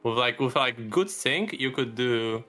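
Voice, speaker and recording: A man talking as a podcast guest, relaxed and rambling with frequent restarts. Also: mid-range voice, unhurried, faint music behind. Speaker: guest, video creator. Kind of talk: casual podcast chat.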